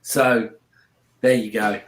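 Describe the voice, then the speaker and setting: A co-host with a South London accent talks through a book in casual chat. They hesitate and restart often while explaining. The voice sits mid-range, and the room adds a clear echo. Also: mid-range voice, level tone, slow pace, a little hiss or hum. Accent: British, South London. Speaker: podcast co-host. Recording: echoey room.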